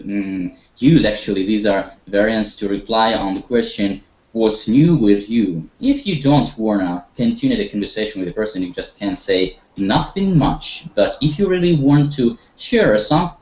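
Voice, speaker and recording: A male English teacher runs a group lesson over a video call, coaxing his students with questions and praise. His intonation swings widely. The audio is dull and roomy with noticeable echo. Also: on the low side. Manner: encouraging, leads students with questions, some hesitations.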